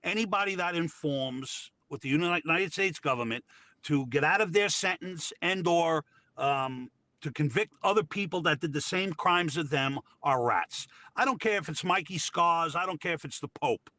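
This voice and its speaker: High bright combative male co-host. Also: moderate pace. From Georgia, US. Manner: profane, combative, blunt. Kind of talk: casual livestream chat.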